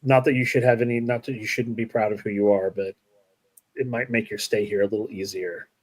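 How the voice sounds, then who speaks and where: Man doing a soft-spoken, apologetic mother. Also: fairly low pitch, fairly even intonation, a little fast, husky, no echo, voice pushed down. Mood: earnest warning. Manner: soft-spoken, polite, warning. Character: cautious, apologetic mother, middle-aged woman.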